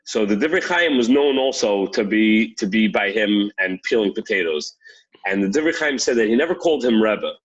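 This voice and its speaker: A man's voice: lowish voice, animated, moderate pace, breathy edge, highs cut off. A man co-hosting a podcast, chatting casually and acting out the quotes in his stories. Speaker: podcast co-host. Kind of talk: casual storytelling chat.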